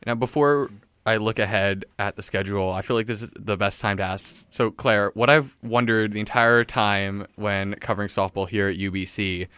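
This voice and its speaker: A man hosting a campus sports show, recapping games in a lively, casual way and laughing easily. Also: lowish voice, normal speed, clear, resonant tone, no echo.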